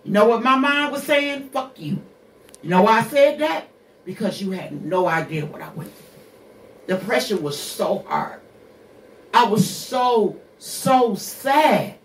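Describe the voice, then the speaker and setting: A woman's voice: a little high, animated, unhurried, reverberant, recorded from a distance. A woman in her sixties hosting a radio show, telling her own hard story bluntly, with curses and rhetorical questions. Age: 60s. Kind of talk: candid personal monologue.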